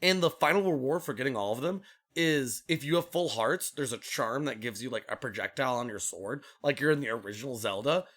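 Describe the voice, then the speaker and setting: Lively bright-voiced man telling stories. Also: medium pitch, a little fast. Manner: animated storyteller who laughs often and acts out quotes. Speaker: podcast co-host. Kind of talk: casual chat.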